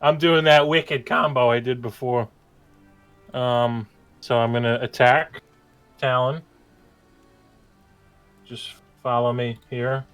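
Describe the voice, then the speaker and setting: A man's voice: mid-range voice, steady tone, takes it slowly, pauses often, a bit bright, soft background music. A man playing a tabletop game, chatting casually with laughing, profane banter. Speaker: player.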